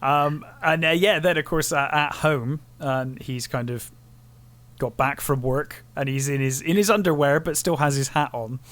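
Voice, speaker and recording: A man's voice: a little high, normal speed, fairly bright tone. A man co-hosting a casual film review podcast, retelling scenes and quoting lines in a loose acted voice. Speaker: podcast co-host.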